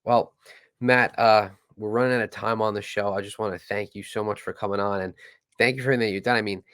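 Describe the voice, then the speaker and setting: A man hosting a podcast, talking casually and getting animated. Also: on the low side, quick pace, no echo, clean studio sound. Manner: animated, ranting. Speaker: podcast host.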